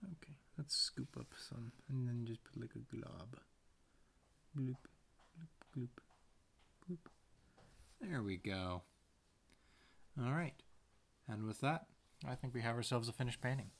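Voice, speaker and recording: A man's voice: mid-range voice, animated, normal speed, gravelly, fairly bright tone, a little hiss or hum. A man casually narrating as he paints a tiny picture, rambling to himself with playful sound words. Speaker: painter and video maker.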